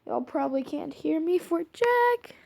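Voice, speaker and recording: Young woman reading a fanfic, stuffy nose, giggly, slow and high, faint hiss. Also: sing-song, vocal fry. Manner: giggly, self-interrupting, chatty asides. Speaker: fan fiction reader. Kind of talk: casual story reading. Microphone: headphones with mic.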